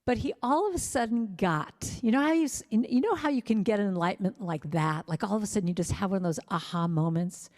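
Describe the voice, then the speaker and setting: A woman delivers a spiritual talk to a congregation, telling stories warmly and breaking into playful voices for the people she quotes. Her voice sits in a middle range. A long reverb trails after her words, as if she is in a large hall. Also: mid-range voice, fairly quick, hardly any pauses. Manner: animated storytelling, acts out quoted voices. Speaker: guest speaker and singer. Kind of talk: spiritual talk over video call. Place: congregation service streamed to viewers on gallery view.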